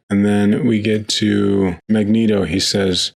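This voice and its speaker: A man with a somewhat low voice chats casually on a podcast about a film. He is relaxed and chuckles often, and he leans on fillers like "like" and "uh" as he walks through a scene. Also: normal speed, gravelly, hardly any pauses. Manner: laid-back, chuckles often, fills with "like" and "uh". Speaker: podcast co-host. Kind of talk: casual movie breakdown chat.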